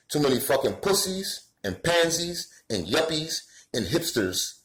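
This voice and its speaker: A man's voice: medium pitch, lively intonation, fast, hardly any pauses, roomy sound, low-quality recording. A man from the Bronx with a New York accent, delivering a profane, heated rant to camera. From New York City, the Bronx. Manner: swearing, heated, rising to shouts. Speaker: commentator.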